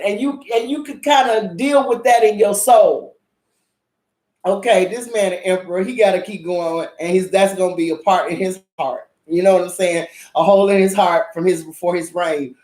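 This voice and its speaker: A woman's voice: mid-range voice, normal speed, darkish tone. A woman host reviewing a drama in a casual, blunt rant, swearing heavily and repeating herself for emphasis. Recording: echoey room.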